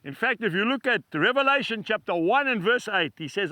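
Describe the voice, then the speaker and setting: A male TV preacher delivers an emphatic, repetitive devotional sermon outdoors beside cattle stalls. His voice sits high and bright and swings widely in pitch. The sound is close and dry. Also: animated, a little fast, no echo.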